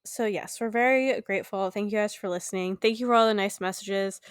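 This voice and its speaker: A woman's voice: medium pitch, fairly even intonation, brisk, clean tone, no room sound, clean studio sound. Stuffy-voiced woman chatting casually. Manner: chatty, laughs easily, many fillers. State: stuffy from a cold. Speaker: podcast co-host. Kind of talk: casual chat.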